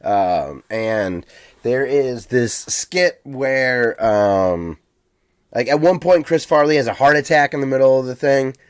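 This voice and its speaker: An American man co-hosts a podcast, chatting casually and rambling with plenty of ums. His medium-pitched voice is animated yet slow, recorded in studio quality with no echo.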